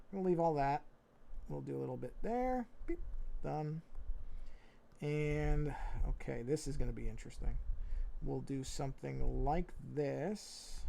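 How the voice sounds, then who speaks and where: Gravelly dark-voiced man mumbling while drawing. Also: slight background noise. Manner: thinks aloud, low-key and mumbly with frequent restarts. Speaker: artist streaming his drawing. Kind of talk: casual running commentary while drawing. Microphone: fixed mic while he looks down at a tablet.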